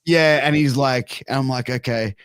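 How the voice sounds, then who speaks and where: A man's voice: medium pitch, normal speed, clean tone, no echo. A man in his thirties with an Australian accent, telling a crude story in casual chat and swearing a lot. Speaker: podcast guest.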